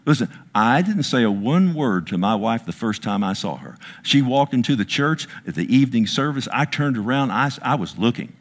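Animated preaching man in his sixties. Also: a little hiss or hum. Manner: animated preaching, swings from loud and high to low and slow, self-mocking asides. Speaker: pastor. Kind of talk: sermon.

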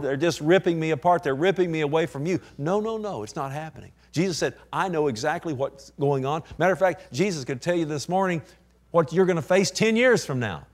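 A male pastor delivering a sermon. He lingers softly over quoted verses, then builds into impassioned, climbing bursts of emphasis. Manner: impassioned preaching with sudden rises in pitch and volume; slows down and drops to a hush when quoting scripture.

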